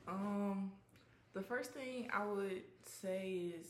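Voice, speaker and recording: A woman's voice: mid-range voice, drawn-out words. A young woman guest in a casual chat, speaking earnestly and reflectively. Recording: echoey room.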